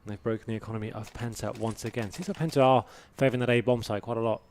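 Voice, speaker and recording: A man doing live play-by-play commentary on an esports match, building to excited shouts when the fighting starts. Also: mid-range voice, racing.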